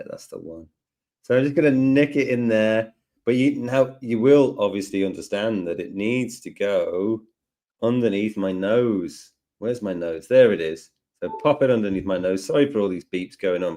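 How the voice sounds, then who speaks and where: A man hosting a live software lesson, chatting and joking as he thinks aloud through each step. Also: lowish voice, normal speed. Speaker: tutorial host.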